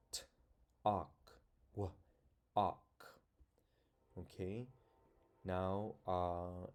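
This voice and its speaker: Guy teaching kids phonics, low mellow voice, spells stuff out letter by letter, real patient. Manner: slow, patient, sounds words out letter by letter. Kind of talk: online phonics lesson for young children.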